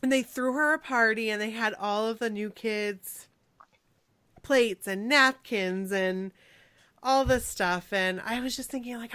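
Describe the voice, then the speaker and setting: A woman's voice: a little high, unhurried, fairly bright tone, clean tone, no room sound. Bubbly enthusiastic woman, dry sound. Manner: bubbly, enthusiastic fan chatter. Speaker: guest podcast host. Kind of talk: casual chat.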